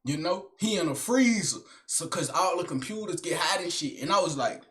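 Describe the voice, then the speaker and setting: A young man doing a high-energy comedic rant to camera, slangy and swaggering, swinging between shouting and low mutters. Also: lively intonation, normal speed. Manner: slangy, keeps tagging lines with son and big brother. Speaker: comedic vlogger.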